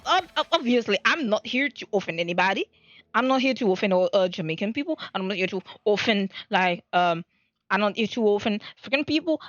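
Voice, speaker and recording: A woman's voice: fairly high pitch, fairly bright tone, no room sound, dull audio. A woman streamer talking in a casual live-stream monologue, rambling and flustered, often stammering and restarting her sentences.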